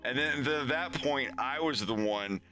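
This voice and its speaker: A young man streamer telling a story in a casual, animated way. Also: moderate pace, over music. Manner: animated, acts out quoted voices with big high pitch jumps.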